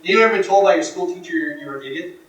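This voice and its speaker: A man giving a motivational workshop talk, telling stories in a dramatic, emphatic way that swings from hushed to loud. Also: high voice, racing. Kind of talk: storytelling speech to a live audience. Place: workshop room. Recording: echoey room from far off.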